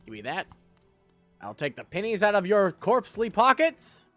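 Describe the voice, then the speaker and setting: A man's voice: sits high, very animated, normal speed, sharp tone, no echo, faint music behind. A young man streaming a game live, joking about himself and chatting with his viewers. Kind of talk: live gameplay chat.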